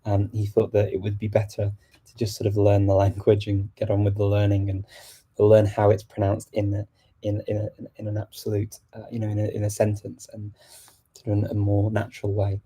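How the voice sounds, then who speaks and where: A man's voice: fairly low pitch, monotone, moderate pace, dark tone, breathy edge. A man hosting a casual live stream, answering viewer questions with many fillers and restarts. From England. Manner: hesitant, many fillers and restarts while switching languages.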